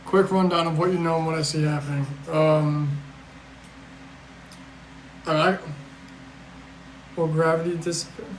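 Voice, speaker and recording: A man's voice: fairly high pitch, flat delivery, measured pace, pauses often, echoey room, slight background noise, rough recording. A man hosting a casual livestream, answering chat questions in a rambling, blunt, profane way with sarcastic asides and a weary edge. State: tired. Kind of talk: casual live-stream chat.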